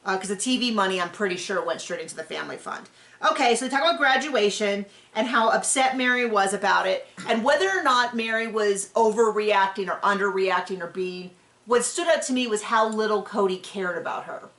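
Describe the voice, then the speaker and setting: A woman's voice: mid-range voice, brisk, a bit bright. A woman hosting a podcast, recapping a reality show in casual, opinionated chat with frequent restarts. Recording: roomy echo.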